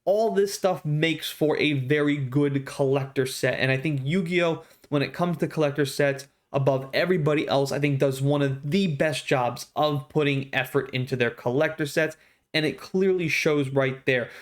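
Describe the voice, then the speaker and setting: A man's voice: fairly high pitch, normal speed. A man hosting a card-opening video, recapping values in an enthusiastic, emphatic, salesy way. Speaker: card-opening channel host. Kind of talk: casual unboxing commentary.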